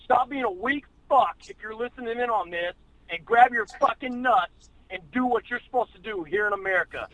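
A man's voice: very high-pitched, animated, fairly quick, a bit bright, no room sound, rough recording. A man in a podcast co-hosting chat, telling a boastful story and ranting in a brash, profane, macho way. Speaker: podcast co-host. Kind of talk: boastful comic rant.

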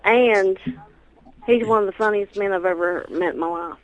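A woman's voice: medium pitch, normal speed, dull audio. Brash, joking woman caller. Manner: brash joke-telling. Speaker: caller, cattle farmer. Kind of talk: call-in to a radio show.

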